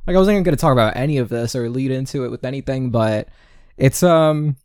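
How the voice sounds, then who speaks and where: In his twenties and working from an indoor home setup, a man hosts a loose solo podcast, rambling on, swearing freely, and mixing in Spanish words. He talks quickly in a medium pitch with a darkish, clean tone. The recording is dry with a clean studio sound.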